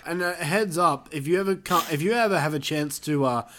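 A man's voice: fairly high pitch, a little fast, a bit bright. A man chatting casually as a podcast co-host reviewing films, loose and sweary, laughing often. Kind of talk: casual chat.

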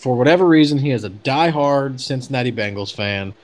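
Man, casual storyteller, talks loosely with fillers, mid-pitched. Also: animated, fairly quick, a little mellow. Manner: chatty, many fillers and restarts. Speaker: podcast guest telling a story.

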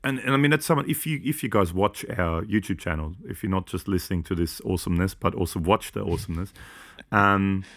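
Joking Australian man, low voice. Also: a bit bright. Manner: joking, rambling, quick asides. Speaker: podcast co-host. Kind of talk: casual chat.

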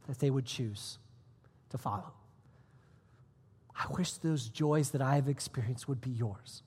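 A man pastor preaching a sermon, telling a personal story with sudden swings between hushed, almost whispered lines and loud, emphatic ones. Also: a little high, slightly rough, in a large hall. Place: church auditorium.

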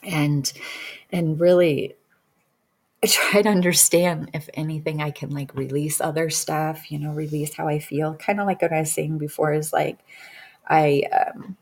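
Woman, low husky voice, casual earnest storyteller who sinks to a whisper. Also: steady tone, a little slow. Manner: earnest and emotional, often dropping to a soft whisper. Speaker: guest recounting a regression session.

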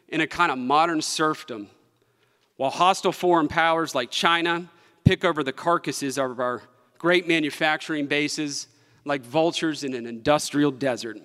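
Speaking in a sharp, higher-than-average voice, the West Virginia state treasurer addresses a political conference from the podium, impassioned and emphatic, using repetition for effect. The big conference hall adds long reverb.

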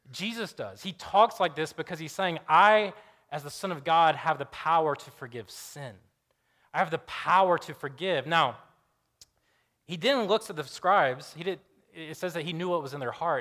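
A man's voice: a little high, pushed and bright. A young man preaching a sermon in a casual storytelling way, acting out the voices of the people in the story.

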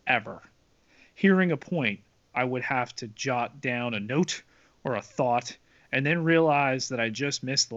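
A man of middling pitch co-hosts a podcast, reading listener mail in an animated way with pitch jumps. The recording is dull and lo-fi, lacking the upper frequencies. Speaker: podcast co-host. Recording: dull lo-fi sound.

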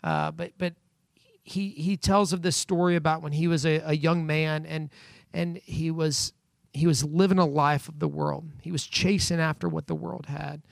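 A man's voice: a little high, flat delivery, normal speed, gravelly, dry recording. A man preaching a sermon from home, speaking earnestly and building emphasis as he quotes scripture. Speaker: pastor. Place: at home during quarantine.

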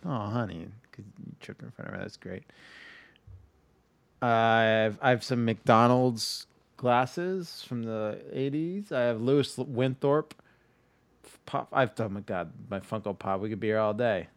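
A man co-hosting a casual podcast, listing collectibles with enthusiasm and teasing his co-host with quick asides. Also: mid-range voice, no echo. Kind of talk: casual chat.

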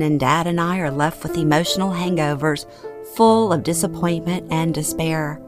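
A middle-aged woman from Louisiana reading her own memoir aloud in first person, earnest and emotionally expressive. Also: sits low. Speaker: memoir narrator.

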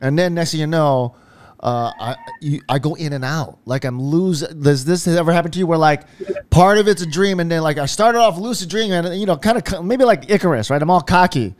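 A man's voice: fairly high pitch, brisk. A man in casual conversation, telling stories animatedly, acting out his own quotes and swearing freely.

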